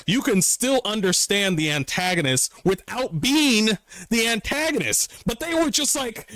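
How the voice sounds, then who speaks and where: A man streaming from his room, giving excitable, profane reaction commentary and mocking people with voices. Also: high-pitched, normal speed, no room sound, studio quality. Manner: excitable, swears often, mocks with voices.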